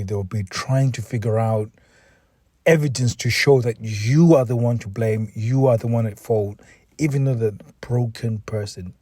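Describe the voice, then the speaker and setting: Earnest man, dark husky voice. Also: fairly low pitch, no echo, clean studio sound. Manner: earnest, repeats words, restarts sentences. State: mentally exhausted, emotional. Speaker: podcast host, relationship coach. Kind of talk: solo podcast monologue.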